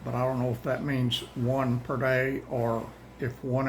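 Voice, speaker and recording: A man's voice: medium pitch, level tone, slight background noise, poor audio. An older man, chatting casually and rambling to viewers about a daily Bible reading plan, a little out of breath. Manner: folksy, plain-spoken, says y'all; rambling, halting, restarts often.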